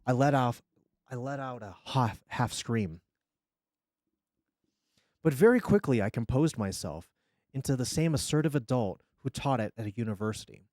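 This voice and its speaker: Guy reading a scary story on stream, really lively pitch, dry close sound. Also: normal speed, long pauses, dry recording. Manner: expressive storytelling.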